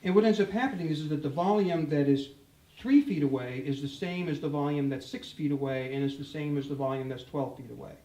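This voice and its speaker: An older man leads a live guitar talk, joking and animated as he speaks straight to the crowd. His voice sits a little high for a man. The mic hangs back at a distance, so the sound carries a roomy echo. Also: brisk. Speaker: guitar clinician. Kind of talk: live demo talk to an audience. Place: store event room with audience.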